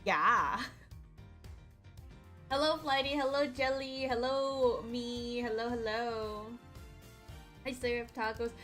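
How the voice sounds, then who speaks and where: A woman streamer with a high, bright voice chats casually with her viewers. She is playful and teasing and breaks into giggles often. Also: slow, pauses often, soft background music.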